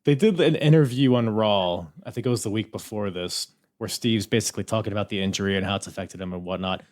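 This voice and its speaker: A man's voice: on the low side, quick pace. A man co-hosting a podcast in casual chat, telling stories in a chatty way. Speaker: podcast co-host.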